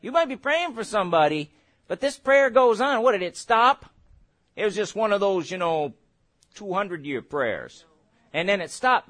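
A middle-aged man preaching a sermon, emphatic, building to shouted exhortations with quick humorous asides. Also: high-pitched, very animated.

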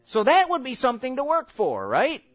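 A man preaching a sermon as pastor, animated and jokey, with sudden shouts, and slowing right down when he reads scripture. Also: extremely high pitch. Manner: slow, drawn-out scripture reading.

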